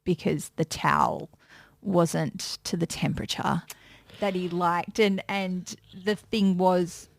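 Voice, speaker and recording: A woman's voice: lowish voice, slow pace, creaky. A woman, a music and pop culture presenter chatting as a guest in an interview, telling stories and acting out quotes. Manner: chatty storyteller, acts out quotes with lively voices. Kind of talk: casual interview chat.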